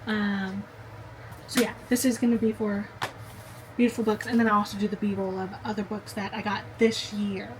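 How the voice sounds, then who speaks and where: A woman's voice: medium pitch, level tone, moderate pace, background noise. A young woman vlogging casually to the camera, chatty and gushing, talking straight to the viewer. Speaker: book vlogger.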